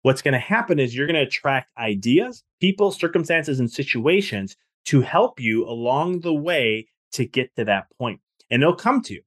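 A man talking as a podcast guest, an author telling animated stories with lots of restarts. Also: mid-range voice. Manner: fast, animated storytelling with frequent restarts. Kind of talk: casual podcast conversation.

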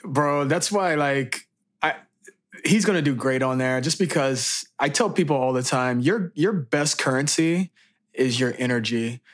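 A man's voice: mid-range voice, measured pace. A young man co-hosting a casual chat, upbeat, with motivational asides. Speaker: podcast co-host.

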